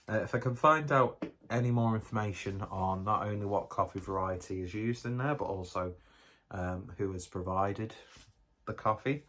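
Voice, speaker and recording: Man, deep low voice, loose rambling jokey beer-vlog delivery. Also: fairly bright tone. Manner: rambling, jokey, self-mocking. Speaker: beer reviewer. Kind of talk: casual review vlog.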